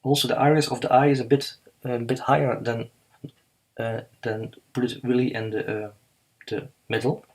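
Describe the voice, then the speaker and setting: Halting, husky-voiced man teaching drawing. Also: mid-range voice, level tone, low-quality recording. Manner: halting, many fillers and restarts, slow and careful. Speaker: artist teaching live drawing. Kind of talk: live drawing demonstration.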